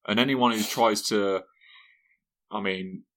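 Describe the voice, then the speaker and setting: A man's voice: on the low side, steady tone, slow pace. A man co-hosting a podcast, chatting playfully and quizzing his co-host. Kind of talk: casual chat.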